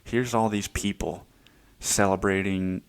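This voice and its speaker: A man's voice: low-pitched, fairly even intonation, a little slow, gravelly, smooth. A young man hosting his own podcast, talking through personal stories in a casual, rambling way with plenty of swearing. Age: young adult. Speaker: podcast host.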